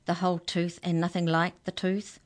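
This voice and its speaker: A woman's voice: fairly low pitch, flat delivery, moderate pace, close to an everyday voice. A woman voicing a pompous male court clerk with a thin, reedy voice in a children's story. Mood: formal. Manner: stern, commanding.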